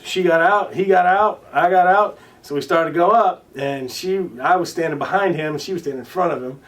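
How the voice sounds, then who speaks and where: A man being interviewed as a guest, telling stories casually, with many restarts and fillers, now and then swearing and loudly acting out what others said. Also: high voice, brisk, far from the mic. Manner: swears casually and acts out quoted lines loudly. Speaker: interview guest, recording artist. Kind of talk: casual storytelling in conversation.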